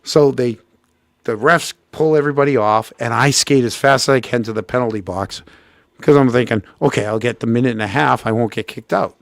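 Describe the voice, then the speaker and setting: A middle-aged man with a gravelly, creaky voice spins a casual story. He acts out every quote with sudden leaps in pitch and restarts his sentences often. The sound is close and dry. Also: brisk, no echo. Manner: animated, acts out quotes with big pitch jumps, frequent restarts. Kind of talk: casual anecdote telling.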